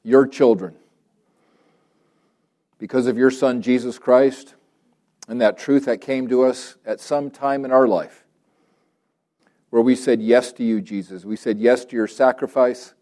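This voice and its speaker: Earnest mellow-voiced male pastor. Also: mid-range voice, steady tone, unhurried, long pauses. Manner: earnest, emphatic preaching with repeated phrases. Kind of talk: prayer and sermon.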